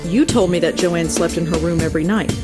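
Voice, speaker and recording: Probing young female investigator, voiced by a woman, low-ish voice, game music behind. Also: brisk, natural voice. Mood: questioning. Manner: questioning, probing. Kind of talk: video game voice acting.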